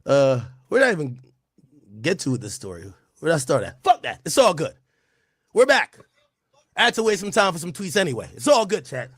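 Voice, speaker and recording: A man from Jamaica hosting a casual livestream, talking loud and animated, acting out quotes between laughs. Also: fairly high pitch, brisk, slightly rough, no echo, studio quality. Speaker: streamer host.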